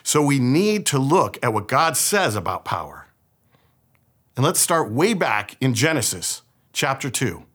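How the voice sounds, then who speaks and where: A young man from the San Francisco Bay Area preaches in a relaxed, conversational way, weaving a personal story into his sermon. His husky voice swings up and down with lively pitch, and he tells the story with plenty of animation. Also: a little slow. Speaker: pastor.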